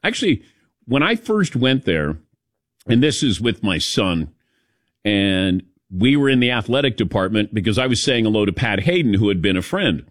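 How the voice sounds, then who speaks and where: A man's voice: on the low side, sing-song, moderate pace, dry recording, clean studio sound. A man hosting a sports talk show, chatting loosely and laughing at his own stories. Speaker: sports talk radio host.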